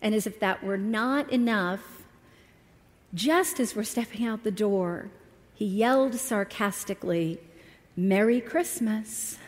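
A middle-aged woman shares a heartfelt personal story with a congregation. Her delivery is unhurried and deliberate, and she leans into key words for emphasis. The sanctuary adds a long, lingering reverb. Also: medium pitch. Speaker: guest speaker at a church service. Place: church sanctuary. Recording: long hall reverb from a church.

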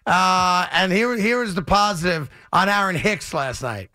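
A man's voice: high voice, expressive, normal speed, bright, forceful tone, dry recording, studio quality. A man co-hosting a sports talk radio show, teasing and sarcastic.

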